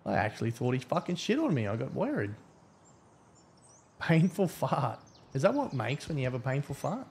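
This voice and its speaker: A man's voice: mid-range voice, big pitch swings, normal speed, pauses often, a little mellow, a little hiss or hum. A man giving casual, profane, rambling live-stream commentary as a game streamer.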